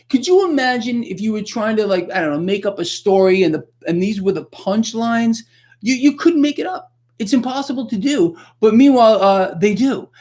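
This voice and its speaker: A man hosts a casual livestream from home. He rants with heavy sarcasm, sometimes breaking into loud outbursts before settling back down. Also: sits high. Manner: animated, sarcastic, ranting with sudden loud outbursts. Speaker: livestream host. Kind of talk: unscripted livestream rant.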